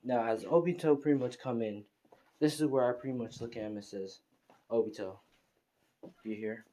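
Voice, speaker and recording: A man's voice: mid-range voice, fairly quick, mellow. A man casually narrating an improvised fan story, rambling with heavy fillers and restarts.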